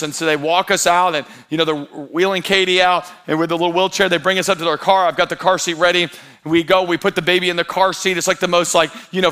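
A man in his thirties with a lilt preaches to his congregation with a high, bright, forceful voice. He tells stories with animation and plays out the lines of the people in them. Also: clean tone. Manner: animated storytelling with quoted voices. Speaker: pastor. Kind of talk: sermon.

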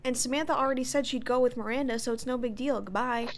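A woman's voice: a little high, fast. Young woman recapping a show, giggly. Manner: animated retelling, giggly. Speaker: podcast co-host. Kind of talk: casual episode recap chat.

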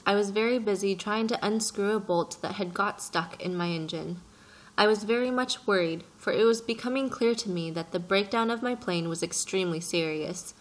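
A woman narrating a chapter of a story aloud, in a measured, gentle manner. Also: mid-range voice, rough recording. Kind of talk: audiobook narration.

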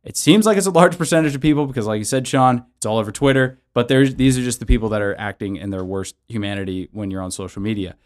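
A man's voice: medium pitch, fast talker, hardly any pauses. A man who is a pastor and show host, giving conversational Bible teaching and practical counseling advice in an earnest way, often adding "right?". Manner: earnest, with frequent tag questions of "right?".

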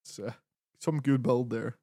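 A man's voice: mid-range voice, a little slow, dark tone, no room sound. Laid-back man recapping, dry mic. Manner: laid-back, recapping with frequent fillers and swearing. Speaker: podcast co-host. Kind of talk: casual wrestling chat.

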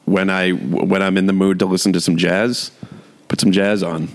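A man's voice: low-pitched, level tone, moderate pace, creaky. A young man co-hosting a podcast, rambling in casual chat and laughing often. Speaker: podcast co-host.

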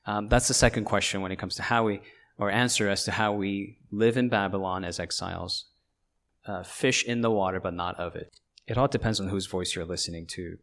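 Man, pastor, lowish voice, conversational sermon, tag questions, restarts. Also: fairly even intonation, a little fast, a bit bright.

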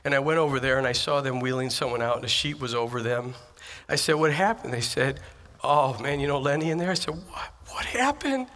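A man's voice: mid-range voice, fairly even intonation, fast talker, fairly bright tone. A man preaching a sermon as pastor, telling personal stories in an earnest, emphatic way with repeated phrases. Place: church sanctuary.

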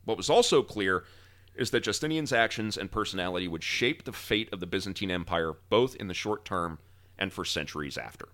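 A man hosting a podcast, trading laughing banter with his co-hosts and then narrating history in a steady storytelling voice. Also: low-pitched, brisk. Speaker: podcast host. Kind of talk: casual chat and history narration.

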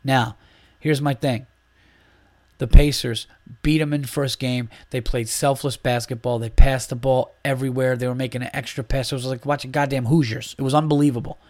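A podcast host rants bluntly and opinionatedly about basketball, swearing a lot and restarting his sentences often. His mid-range voice is a little mellow, with fairly even intonation and normal speed, and there's no echo.

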